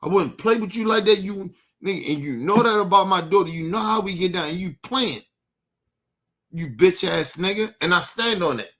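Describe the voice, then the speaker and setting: Male host, furious streamed rant, swears constantly, calls out his target head-on, slightly raised pitch. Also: normal speed, a bit bright. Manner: angry, profane and repetitive; confrontational, addresses his target directly. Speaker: show host. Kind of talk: heated monologue to the audience.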